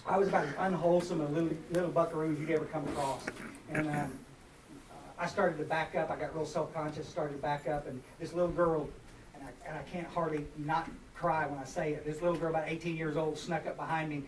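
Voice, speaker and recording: At a recovery workshop, a drawling man in his forties gives a personal share with a slightly high, fairly flat voice and a quick pace. He wanders and mocks himself, often restarting and leaning on fillers. The meeting hall echoes, the mic is far off, and there's plenty of noise.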